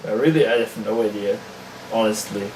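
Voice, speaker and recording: A man chatting casually while setting up a laptop on camera, laid-back and quick to laugh. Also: lowish voice, darkish tone, echoey room, a little hiss or hum, low-quality recording. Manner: laid-back, laughs often, restarts his words. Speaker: tech vlogger. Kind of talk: casual chat.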